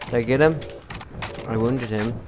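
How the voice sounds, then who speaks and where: A man giving casual, rambling commentary while playing a game, poking fun at himself and getting excitable. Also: mid-range voice, normal speed. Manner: rambling, self-mocking, excitable. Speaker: gamer. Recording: noticeable background noise.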